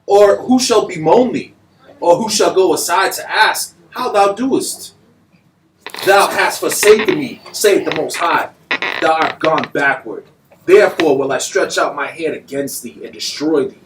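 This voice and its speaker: A man reading scripture aloud in a steady, measured way during a group study. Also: a little high, recorded from a distance. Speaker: scripture reader. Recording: echoey room, speaker off-mic, faint noise.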